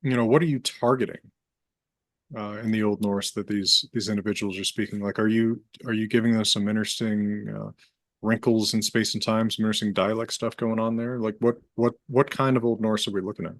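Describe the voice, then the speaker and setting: A man's voice: on the low side, steady tone, a little fast, no echo. A man hosting a casual interview, asking curious questions with some hesitant restarts. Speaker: host, language teacher.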